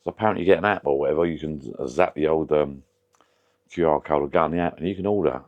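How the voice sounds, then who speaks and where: A man's voice: extremely low pitch, fast talker, muffled recording. A man vlogging from his garden shed pub, chatting casually and rambling through tangents with the odd swear word. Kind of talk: casual chat.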